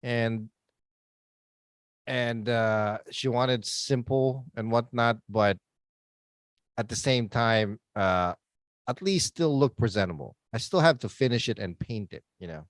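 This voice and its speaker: A man's voice: medium pitch, slow pace, no room sound, studio quality. A man co-hosting a casual podcast chat, rambling and joking with frequent laughs. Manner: rambling, jokey, laughs often. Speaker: podcast co-host.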